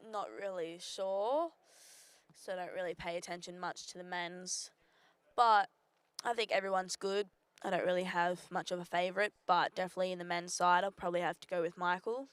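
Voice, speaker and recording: A woman's voice: lowish voice, moderate pace, clear, resonant tone, no room sound. A young Australian woman, a bowls player, answering questions hesitantly with frequent ums. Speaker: bowls player being interviewed.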